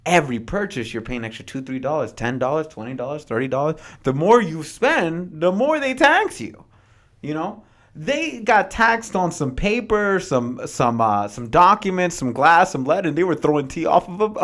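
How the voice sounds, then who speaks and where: Lively, high-voiced man hosting a podcast. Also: normal speed. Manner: animated, dramatizes history with slangy asides. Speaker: podcast host. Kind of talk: casual podcast talk mixed with reading from notes.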